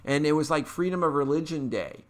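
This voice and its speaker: A man from Eastern Kentucky with a Kentucky accent hosts his own podcast of casual political commentary. His voice is a little high and fairly quick, and he talks in a chatty, folksy, upbeat way with plenty of fillers.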